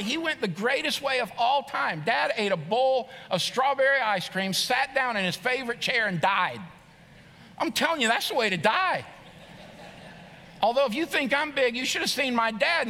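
A man's voice: extremely high pitch, pushed and bright. A middle-aged man preaching a sermon as pastor, earnest and emphatic, often repeating phrases. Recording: long reverb of a large hall.

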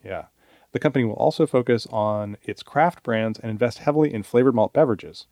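A man co-hosting a podcast from a radio studio, wry and halting, with frequent restarts. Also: mid-range voice, warm tone, dry recording. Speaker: podcast co-host, beer writer. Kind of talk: casual chat. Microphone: studio mic.

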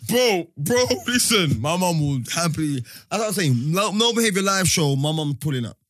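A young man, telling funny childhood stories in a relaxed chat with friends, full of slang and laughter. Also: high voice, normal speed, no room sound, studio quality. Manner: animated storytelling, laughs often, slangy. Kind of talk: casual chat.

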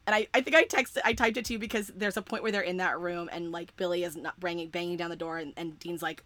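Young woman, casual chat, excitable and sweary, bright tone. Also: medium pitch, fast talker, few pauses, dry recording. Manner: excitable, emphatic, swears often, many fillers. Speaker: fan podcaster.

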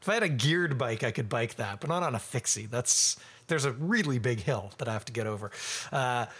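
A man from Canada hosting a podcast in casual chat, animated and quick to laugh, jumping up high when he exclaims. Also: slightly rough. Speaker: podcast host.

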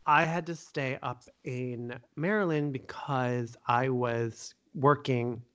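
A man's voice: medium pitch, fairly even intonation, slow pace, a bit bright, highs cut off. Male podcast host in easy chat. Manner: friendly, affirming, asks follow-up questions. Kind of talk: casual interview chat.

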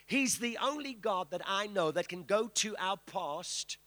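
Guy preaching in a big echoey church, high bright voice, calls out to the crowd. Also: animated, a little slow. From South Africa. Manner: declamatory, calls for congregation response. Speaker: guest preacher. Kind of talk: sermon. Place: church sanctuary. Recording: reverberant church hall.

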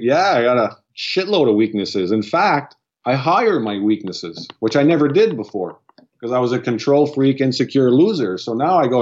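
A man's voice: medium pitch, lively intonation, moderate pace, darkish tone, dull audio. A man speaking as a guest in casual chat, blunt and profane, often restarting his sentences. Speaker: podcast guest.

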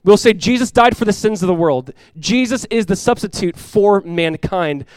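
A man in his thirties, a pastor preaching a sermon and telling a family story with lively, rising emphasis. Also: sits high, normal speed, smooth, dry recording. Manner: animated storytelling, rises loud when acting out his talks with his son.

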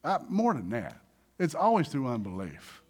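A male pastor preaching a sermon in an animated way, acting out little voices and swinging between loud and soft. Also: medium pitch, normal speed, breathy edge.

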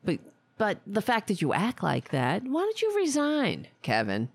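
Sarcastic, tired woman host, creaky voice. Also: medium pitch, huge pitch swings, unhurried, dry recording. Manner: angry, sarcastic commentary. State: tired and unwell. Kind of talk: political commentary show.

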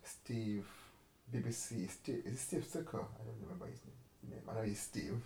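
A man's voice: fairly low pitch, normal speed, creaky, warm tone, a little hiss or hum. A man co-hosting a podcast in casual chat, rambling and correcting himself, laughing often. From Africa. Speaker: podcast co-host. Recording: roomy echo with faint ambience.

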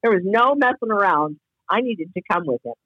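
A woman's voice: mid-range voice, lively intonation, a little fast, slightly rough, dry recording, muffled recording. A woman guest telling a reflective personal story in casual podcast talk, heard over a call. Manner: earnest, reflective, spiritual storyteller.

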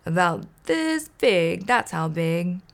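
A woman voicing a grumpy male trash-can monster in a gruff, snapping way while reading a children's storybook aloud. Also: on the low side, big pitch swings, slow, heavily acted. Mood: scornful.

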